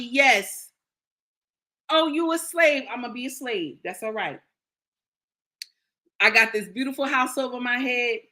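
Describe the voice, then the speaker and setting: An older woman talks straight to her viewers in sassy, emphatic commentary. Her voice is bright and set a little high. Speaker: commentary vlogger. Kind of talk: casual opinion commentary.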